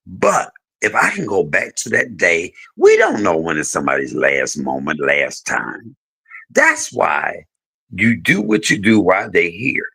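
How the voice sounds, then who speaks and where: A man talking on a live stream, telling an emotional story in an animated way, swearing freely. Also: on the low side, vocal fry, breathy edge, rough recording.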